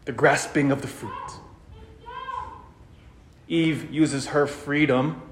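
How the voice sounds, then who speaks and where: A man's voice: on the high side, fairly even intonation, slow pace, slight background noise. Man preaching dramatically in an echoey room. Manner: dramatic storytelling, swings from hushed to loud. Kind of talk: sermon.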